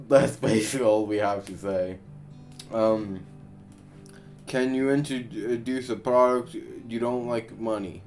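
A man's voice: on the low side, creaky, a little mellow. A man giving casual gameplay commentary, tired and grumbling, swearing often as he talks to himself. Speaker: gaming YouTuber.

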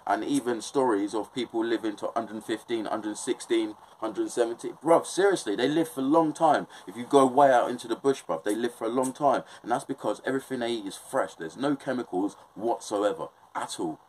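A young man from England, with an English accent, talks in a casual, impassioned monologue, swearing a lot and often asking "do you know what I mean" to make sure he's followed. His medium-pitched, slightly mellow voice is brisk with hardly any pauses, in a low-quality recording with slight background noise.

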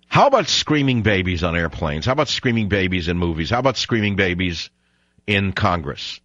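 A man's voice: on the low side, expressive, fairly quick, a bit bright, no room sound. A man hosting a talk radio show, delivering a sarcastic, digressive rant in an opinionated monologue. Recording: dull dry studio broadcast sound.

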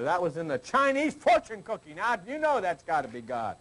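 A man's voice: a little high, wildly swooping pitch, brisk, few pauses, a bit bright, low-quality recording. An older man giving an informal, teasing sermon to a small group, acting out people's prayers in a folksy way. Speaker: spiritual teacher.

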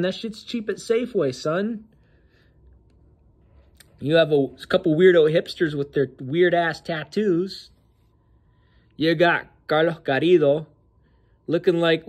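Casting: male host, casual commentary, mocking and slangy, slightly high voice. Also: darkish tone.

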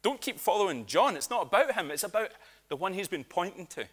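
A man's voice: high voice, fairly quick. A man with a Scottish accent preaching a sermon, telling stories with humour and asides. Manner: lively storytelling with humour and asides.

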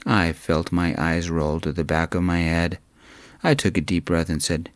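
A man reading a romance story aloud in a calm, soft-spoken narrating voice. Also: deep voice, normal speed, no echo.

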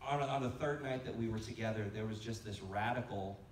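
A man preaches to a conference crowd, telling stories and jumping into animated quoted voices. He sounds set back from the mic in a roomy church hall, with faint noise underneath. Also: fairly low pitch, a little fast, far from the mic. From United States. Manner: storytelling, animated quotes, laughing asides. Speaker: pastor. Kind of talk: conference sermon. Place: church sanctuary.

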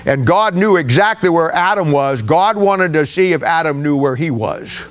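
A man's voice: a little high, expressive, normal speed. A man pastor preaching a sermon in a folksy, conversational way, with hesitations.

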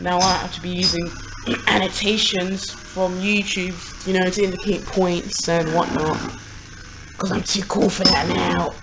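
A young man with a British accent, casually commentating on toy battles in a rambling, excitable way, laughing often, at home. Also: sits high, unhurried, creaky, over loud music, low-quality recording. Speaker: Beyblade channel host. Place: home room, family upstairs.

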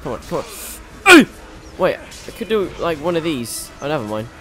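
A young man giving excitable let's play commentary as a gaming channel host, laughing often and swearing freely. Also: fairly high pitch, moderate pace, faint music behind.

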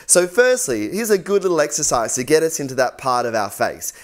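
A man's voice: fairly high pitch, animated, a little fast. A young man teaching singing in an easygoing, encouraging way. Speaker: vocal coach. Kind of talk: instructional tutorial.

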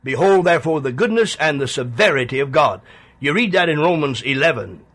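Emphatic husky radio preacher man. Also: animated, fairly bright tone. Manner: emphatic, pleading, with dramatic pauses and swings in pitch. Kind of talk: sermon.

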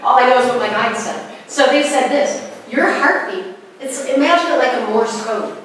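A middle-aged woman tells stories to a live audience and acts out the voices she quotes. Her voice sits a little high. She is heard from a distance in a very echoey hall with a faint hum behind her. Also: moderate pace. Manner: animated storytelling, acting out quoted voices. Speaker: presenter. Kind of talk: spiritual talk to a live audience. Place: presentation hall.

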